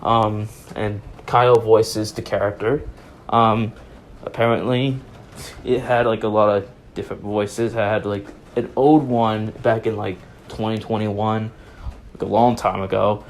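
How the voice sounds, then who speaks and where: A man's voice: fairly low pitch, level tone, a little slow, a little hiss or hum. A man making a video, recapping in a casual, rambling way and correcting himself as he goes. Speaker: video maker summarizing.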